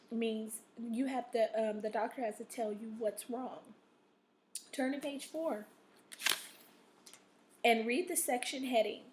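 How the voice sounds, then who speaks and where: Woman teacher with a rough, coughy voice. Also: on the high side, darkish tone, slight background noise. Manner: checks in with "okay?" after nearly every sentence; slow, drawn-out stress on vocabulary words. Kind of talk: recorded reading lesson.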